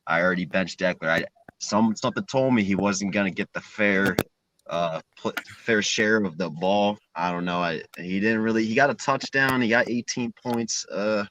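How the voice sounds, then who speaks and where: Male caller, very deep voice, relaxed and chatty, faint noise behind. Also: moderate pace. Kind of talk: casual chat.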